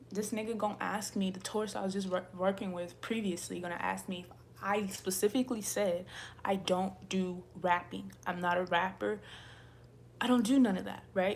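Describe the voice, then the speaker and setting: A woman's voice: medium pitch, slight background noise. A woman YouTuber who reads tarot, ranting angrily to camera in a profane, repetitive way.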